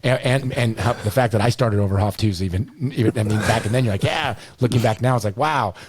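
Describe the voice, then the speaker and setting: A man's voice: on the low side, steady tone, quick pace, darkish tone, breathy edge, dry recording. A middle-aged man hosting a podcast, telling stories in a rambling way, full of restarts and "you know.". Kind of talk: storytelling in casual chat.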